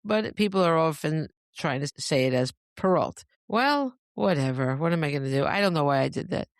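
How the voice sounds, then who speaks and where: A woman's voice: low voice, expressive, brisk, dry recording, studio quality. A woman hosting a podcast in a rambling, chatty monologue, often breaking into laughter. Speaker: podcast host. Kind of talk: casual monologue.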